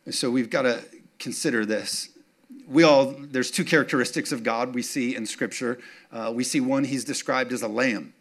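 A man's voice: mid-range voice, moderate pace, fairly bright tone. A man preaching a sermon, building to emphatic declarations and asking the congregation again and again if they are with him. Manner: call-and-response, keeps checking in with the congregation; rises to emphatic, punchy declarations. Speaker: pastor.

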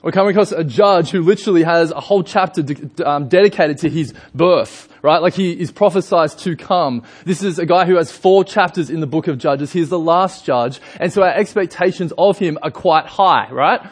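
A man's voice: a little high, moderate pace, hardly any pauses, breathy edge. A young Australian man preaching a sermon in a casual storytelling way, with lots of fillers and asides to the congregation. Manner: chatty storytelling with frequent fillers.

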